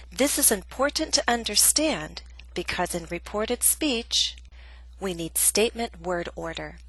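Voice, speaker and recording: A woman reading a scripted English grammar lesson, speaking slowly and clearly with careful, deliberate emphasis. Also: mid-range voice, a bit bright, dry recording, low-quality recording. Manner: slow, deliberate, clearly enunciated. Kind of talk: scripted instructional narration.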